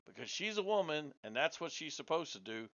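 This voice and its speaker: A combative man argues bluntly in a heated debate, his voice bright and a touch high. He talks over the others and keeps pressing his point. The sound is dull and lo-fi. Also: sing-song, a little fast. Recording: dull lo-fi audio.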